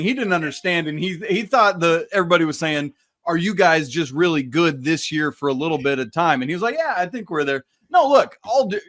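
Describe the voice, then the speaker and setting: Emphatic male co-host, argues points in a casual sports chat, voice a bit high. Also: a bit bright. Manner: emphatic, argumentative. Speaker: podcast co-host.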